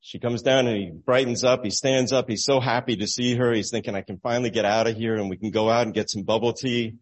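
A man telling a moral story at an easy, halting pace, chuckling now and then, in the manner of a sermon illustration. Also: medium pitch. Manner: relaxed, halting storyteller who laughs at his own story.

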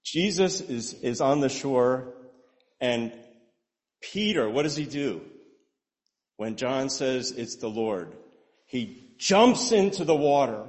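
A man preaching a sermon in an animated way, with rhetorical questions and repeated words. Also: fairly high pitch. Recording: long hall reverb.

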